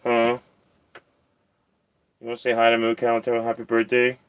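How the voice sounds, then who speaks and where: A man's voice: mid-range voice, monotone, normal speed, smooth. A man hosting a casual livestream from home, chatting and teasing while he talks to his cat and clips its nails. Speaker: channel host.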